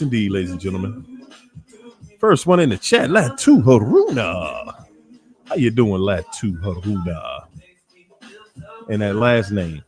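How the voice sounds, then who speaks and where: A man with a D.C. African American accent hosts a casual livestream and greets viewers one by one. His pitch swings animatedly while his delivery stays slow and easy, and faint music plays underneath. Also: darkish tone. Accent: African American English from Washington, D.C. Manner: playful, greets viewers by name, laughs often. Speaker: livestream host.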